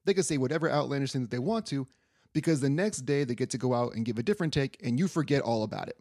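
A man's voice: mid-range voice, animated, quick pace, a little mellow, no echo, studio quality. A young man hosting a casual sports podcast, rambling loosely and swearing offhand. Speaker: podcast host.

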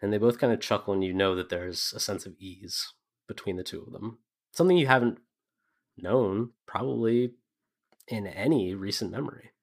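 A man's voice: fairly low pitch, normal speed, creaky. A man narrating as a game master of a tabletop role-playing game, describing scenes with frequent fillers.

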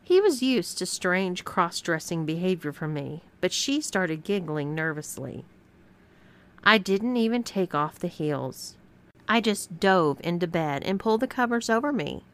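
A woman reading a scripted first-person story aloud as narrator, with expressive storytelling. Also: on the low side, measured pace.

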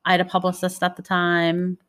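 Low-voiced chatty Detroit woman. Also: monotone, fairly quick, a bit bright. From Michigan. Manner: rambling storytelling, chatty. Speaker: podcast co-host. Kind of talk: casual chat.

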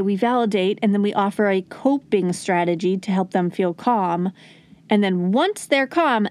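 A woman's medium-pitched voice, free of echo, leads a parenting podcast. She is a parenting educator whose earnest, conversational teaching includes coaching and moments where she acts out calming words to a child.

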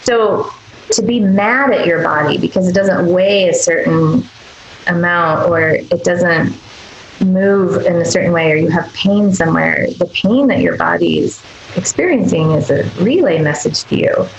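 A woman's voice: lowish voice, a little slow, gravelly, reverberant, a little hiss or hum, rough recording. A woman speaking as the guest doctor in a podcast interview, earnest and emphatic, sometimes acting out tender quoted asides.

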